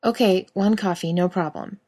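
A woman's voice: fairly low pitch, moderate pace, mellow, close to an everyday voice. A woman voicing a worn-out young male barista with strained, forced politeness. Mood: strained polite.

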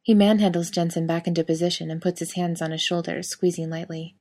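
A woman narrating a fiction audiobook in a slightly low voice. She reads in an even, steady way, keeping a calm storytelling pace. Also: fairly quick, hardly any pauses.

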